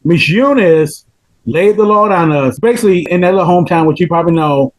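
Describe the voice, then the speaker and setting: A man in his fifties with a Southern Georgia accent, telling stories as a podcast guest in an animated way, laughing often. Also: high voice, quick pace, rough recording. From Pelham, Georgia, US. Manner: animated, laughs often, repeats words when excited. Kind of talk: casual storytelling interview.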